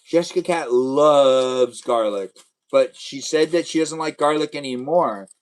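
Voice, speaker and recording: A man's voice: medium pitch, measured pace, poor audio. A young man hosting a casual live stream, chatting playfully and answering viewers' comments.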